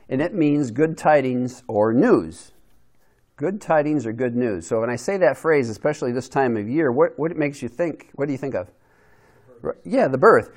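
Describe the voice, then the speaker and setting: Male Bible teacher, casual lesson delivery, asks the room questions, mid pitch. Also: darkish tone. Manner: conversational, with restarts and questions to the group.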